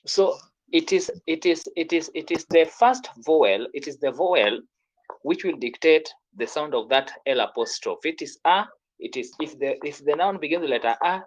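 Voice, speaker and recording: A man's voice: fairly high pitch, animated, moderate pace, rough recording. A man teaching French pronunciation in an online class, repeating words and quizzing his student.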